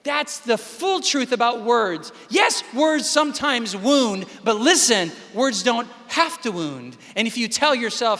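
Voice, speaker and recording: Delivering an emphatic motivational keynote at a large convention, a man speaks in a high, bright, forceful voice that is animated yet unhurried, with few pauses. He sometimes acts out voices in dialogue, and the hall sound is reverberant.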